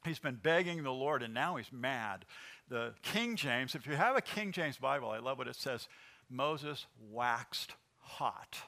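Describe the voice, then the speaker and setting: A man preaching a sermon as pastor, animated and asking the congregation questions. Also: medium pitch, normal speed, gravelly.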